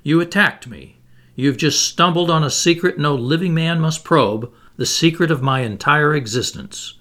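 A man voicing a stern, reclusive submarine captain who speaks in a cold, measured, commanding way. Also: a little high, sharp tone.

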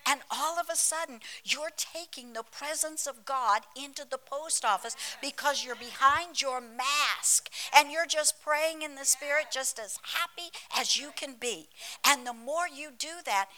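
A woman's voice: high-pitched, pushed and bright, low-quality recording. A woman pastor delivering a sermon in church. She is emphatic, drops into dramatic whispers and tells humorous stories while calling out to the congregation. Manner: storytelling with humor, calls to the congregation.

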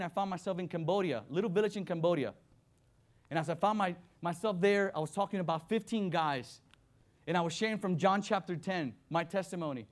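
Man preaching, missions worker, fairly high voice, impassioned, loud then hushed. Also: normal speed. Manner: impassioned, swings between loud exhortation and hushed reading. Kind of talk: sermon.

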